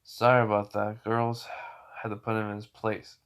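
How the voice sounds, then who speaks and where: A man voicing a calm, cold young male swordsman in a low, hushed, flat way while retelling a fan story. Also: moderate pace, clear, resonant tone. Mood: cool.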